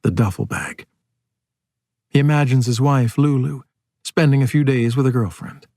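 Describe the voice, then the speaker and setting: A man narrating an audiobook in a steady, measured storytelling manner. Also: mid-range voice, no echo, studio quality.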